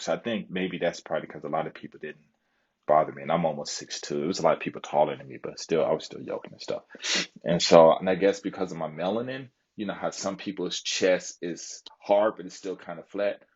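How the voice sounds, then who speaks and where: A man's voice: low-pitched, a little fast, a little mellow, breathy edge, dull audio. A man telling a long story on a live stream in a rambling way, with lots of fillers and asides. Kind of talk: casual storytelling chat.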